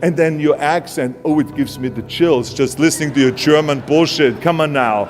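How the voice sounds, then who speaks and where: A man doing a mocking talent agent, Austrian accent, higher and louder, long hall echo, music behind. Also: moderate pace, natural voice. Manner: scoffing, loud, exaggerated disbelief. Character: sneering male talent agent, mocking and incredulous. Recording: hall reverb with music underneath.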